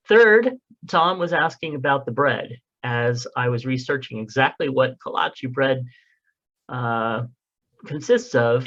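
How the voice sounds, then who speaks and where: Slow, rambling podcast host guy. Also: mid-range voice, a bit bright, muffled recording. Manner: rambling, loose, joking, swears casually. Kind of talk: casual podcast chat, reading listener mail.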